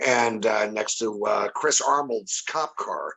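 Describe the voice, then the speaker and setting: Rambling man reminiscing, bright voice. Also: lowish voice, slow, vocal fry, breathy edge, rough recording. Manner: rambling, many restarts and asides. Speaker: podcast guest. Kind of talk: casual chat.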